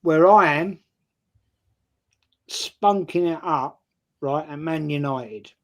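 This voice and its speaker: Taking it slowly in a fairly high voice, an older North Londoner on a fan channel panel spins a long anecdote from his own life in casual conversation, repeatedly asking "right?" in his London accent.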